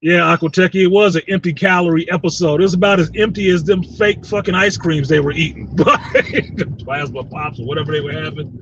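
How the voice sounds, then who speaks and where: A man hosting a casual fan chat show, reading viewer comments, animated, laughing often and swearing freely. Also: on the high side, a little fast. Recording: slightly distant dull mic with faint noise.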